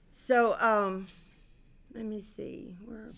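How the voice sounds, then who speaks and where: A woman's voice: fairly high pitch, animated, measured pace, pushed and bright. Candid, rambling woman sharing her story. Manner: candid, rambling, many fillers and restarts, casual swearing. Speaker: speaker at a recovery convention. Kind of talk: personal share to an audience. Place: convention stage.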